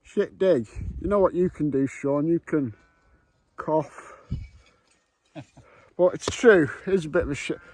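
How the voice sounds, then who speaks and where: A man's voice: on the high side, unhurried, pauses often, darkish tone, no echo. A man filming his metal detecting vlog outdoors on a windy island, joking, bantering and swearing as he goes. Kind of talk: casual vlog commentary. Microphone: camera mic with wind muff.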